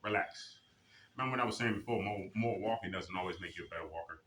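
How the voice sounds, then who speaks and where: A man's voice: low voice, fast, slight background noise. Motivating male fitness instructor, echoey room. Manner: motivating, counts reps in a loud drill-sergeant cadence. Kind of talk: leading a seniors' exercise class. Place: senior center activity room.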